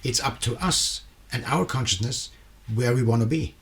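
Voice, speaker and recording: A man's voice: mid-range voice, moderate pace. Agreeable male interviewer, hesitant. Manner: agreeable, hesitant, many fillers. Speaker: interviewer host. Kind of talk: conversational interview.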